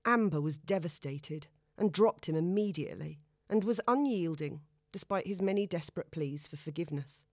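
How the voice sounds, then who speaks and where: A woman reading a novel aloud in a wry, even storytelling manner. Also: lowish voice, normal speed, hardly any pauses, no echo, studio quality. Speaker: audiobook narrator. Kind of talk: scripted narration.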